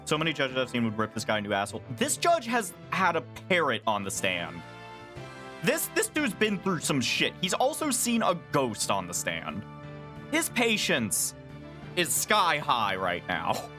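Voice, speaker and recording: A woman streamer in casual chat, giving quick, chatty commentary. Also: rumbling low, huge pitch swings, music in the background.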